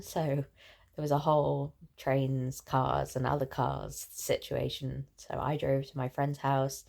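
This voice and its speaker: A tired young woman losing her voice, chatting in a rambling, excitable way while lying in bed. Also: a bass voice, gravelly. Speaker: book vlogger. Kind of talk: casual chatty vlog.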